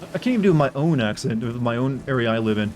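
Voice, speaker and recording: A man's voice: mid-range voice, lively intonation, quick pace, a little mellow. A man casually commenting on his gameplay live, rambling and correcting himself as he chats with viewers. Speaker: game streamer.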